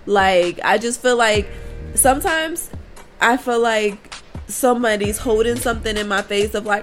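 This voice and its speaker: A woman's voice: fairly high pitch, a little slow, fairly bright tone, faint music behind. A woman vlogger talking candidly to her viewers, her voice worn from recent crying, confiding and laughing through her frustration. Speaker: spiritual vlogger. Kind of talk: candid casual monologue to viewers.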